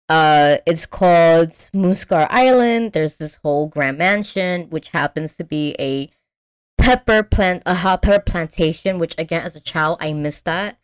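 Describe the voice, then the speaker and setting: A young adult woman host recapping a movie in casual chat. She talks in an animated, slangy way, with lots of fillers and restarts. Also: fairly low pitch, clean tone. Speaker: podcast host.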